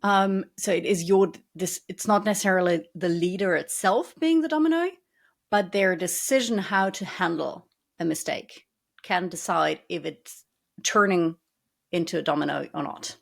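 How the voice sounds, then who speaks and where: A woman's voice: lowish voice, normal speed, vocal fry. A woman co-hosting a podcast, explaining organizational culture at length with dry sarcastic asides. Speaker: podcast co-host. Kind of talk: conversational podcast talk.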